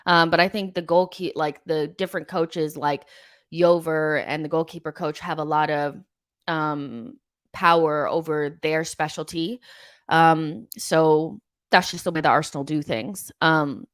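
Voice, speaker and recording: A young woman hosts a live football fan stream, reading viewer comments and weighing in bluntly. Her voice sits low and sounds dry and close. She talks loosely, with frequent ums and likes. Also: steady tone, measured pace, no room sound. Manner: chatty, many ums and likes, frank opinions. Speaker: host of a football fan show.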